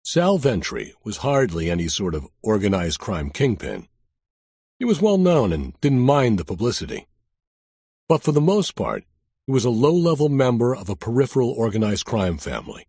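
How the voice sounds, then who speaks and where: A man narrating a first-person thriller audiobook in a wry, deadpan detective voice. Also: mid-range voice, moderate pace, husky, dry recording, clean studio sound.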